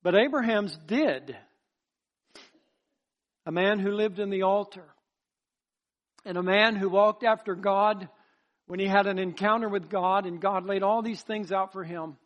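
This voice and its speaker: A man with a notably high-pitched voice delivers a sermon. He preaches in a repetitive, rising cadence and works his personal testimony into the message. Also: a little slow, pauses often, highs cut off.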